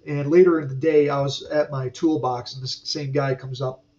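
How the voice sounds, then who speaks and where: A man's voice: medium pitch, steady tone, normal speed, dark tone. A man hosting a podcast about aircraft maintenance, telling a story in a rambling, profane, casual way full of asides and fillers. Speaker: aircraft mechanic podcast host. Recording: dull sound from a distant mic.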